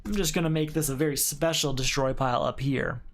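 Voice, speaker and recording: A man's voice: on the high side, steady tone, brisk, a little hiss or hum. A man playing a solo card game, thinking aloud as he reads card text and counts points in a casual play-through.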